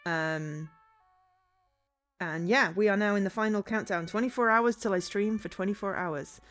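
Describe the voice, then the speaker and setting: A woman's voice: mid-range voice, normal speed, a bit bright, soft background music. A woman streaming a game, chatting casually in a rambling, easily sidetracked way.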